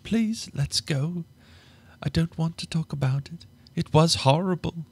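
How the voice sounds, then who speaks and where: A man voicing a frightened young woman in an audiobook, pitched far up and pleading in a trembling voice. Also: measured pace, breathy edge.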